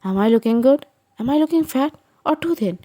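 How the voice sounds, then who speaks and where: A woman's voice: sits high, lively intonation, brisk, mellow, voice pushed up. A woman reading as a nervous, sincere young heroine. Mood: earnest.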